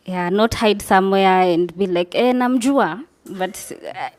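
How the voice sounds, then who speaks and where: A woman's voice: fairly low pitch, flat delivery, measured pace, clean tone. A woman, a wife and mother, openly reflecting on her own life choices. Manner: open, reflective, with small laughs. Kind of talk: personal storytelling.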